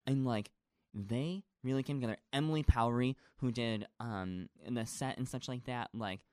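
A man's voice: medium pitch, normal speed, a little mellow, dry recording, clean studio sound. A man in a casual chat, a stage actor talking at length, gushing and rambling with lots of fillers.

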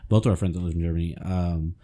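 Casual podcast co-host, male, deep and mellow, loose and profane. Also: fairly even intonation, fast. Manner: loose, swearing, laughs often. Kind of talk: casual chat.

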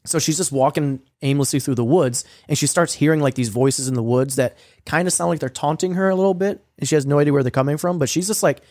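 A young man telling a story in casual chat, swearing a lot and filling his talk with "like" and "um," sometimes acting out quoted lines in a higher voice. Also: quick pace, hardly any pauses, darkish tone, no echo, clean studio sound. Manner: profane, rambling storytelling with many fillers; acts out quoted lines with a raised voice. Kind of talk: casual recap of a streamed game.

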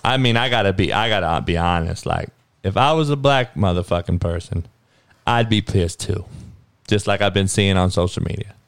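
A podcast host ranting about sports and the news, swearing heavily and swinging from low muttering to loud outbursts. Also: male voice, moderate pace, vocal fry, clear, resonant tone, dry recording, studio quality. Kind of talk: profane sports and news rant.

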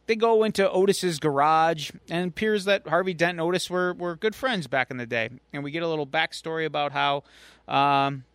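A man's voice: a little high, a bit bright, smooth, no room sound. A man co-hosting a podcast, casually recapping a comic book story and acting out its quotes. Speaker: podcast co-host.

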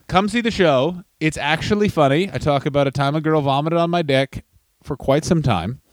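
A man's voice: on the high side, moderate pace, no echo. A man, a stand-up comedian co-hosting a podcast, casual and wry. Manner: wry, self-mocking.

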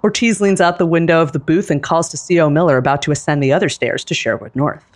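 A woman with a low voice steadily reads scene directions aloud for a live script reading. Her pace is deliberate and even. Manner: steady, deliberate, with occasional laughs. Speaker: narrator reading stage directions.

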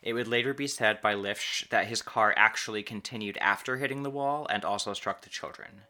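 Podcast host, male, low and bright, casual storyteller who slows down to stress key words. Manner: halting, restarts and stretched emphasis on key words.

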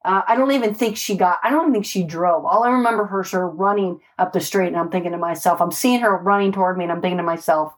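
A woman homicide detective recounts her street years in a loose, animated storytelling voice. She speaks emphatically and bluntly, swearing freely. She keeps checking in with her listener as she goes, at an everyday mid-range pitch. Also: a little fast. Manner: animated, emphatic, swears, peppers speech with "right?" and "like". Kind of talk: casual storytelling in conversation.

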